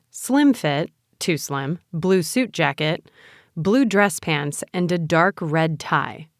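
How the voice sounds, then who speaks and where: A woman narrating a first-person audiobook story with a wry, expressive delivery. Her voice is fairly low. The recording is dry and close-miked. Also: no room sound.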